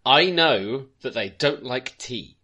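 A man's voice: mid-range voice, animated, slow pace, sharp tone, slightly rough. A man co-hosting a podcast, chatting casually about films, joking and correcting himself with many fillers. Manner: jokey and self-correcting, trailing off with fillers. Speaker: podcast co-host. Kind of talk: casual film discussion.

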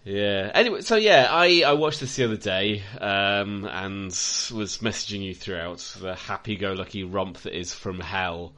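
A podcast co-host trades casual film-review talk, sardonic and quick to act out scenes in silly voices. His voice is deep and sharp, a little slow, with few pauses.

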